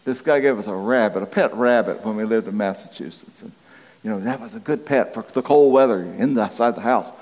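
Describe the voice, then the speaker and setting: A man's voice: on the low side, a little fast, darkish tone. A man preaching a sermon, telling a folksy, self-deprecating story and chuckling through it. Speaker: pastor. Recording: dull reverberant hall recording.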